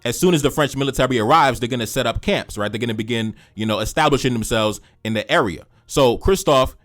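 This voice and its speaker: A man reading a historical document aloud, breaking off for animated, slangy asides and repeating phrases for emphasis. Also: mid-range voice, fast, faint music behind. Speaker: history commentator.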